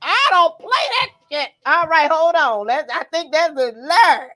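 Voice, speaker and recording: A woman with a very high voice hosts a casual gossip livestream. She is sassy and dramatic, and she keeps relaying what her caller says back to her viewers. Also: animated, moderate pace, bright, forceful tone, soft background music. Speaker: gossip show host.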